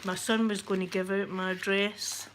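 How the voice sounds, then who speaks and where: A Scottish woman hosting a casual unboxing vlog, excitable and emotional, gasping as she talks. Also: mid-range voice, normal speed. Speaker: channel host. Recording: noisy with packaging crinkles.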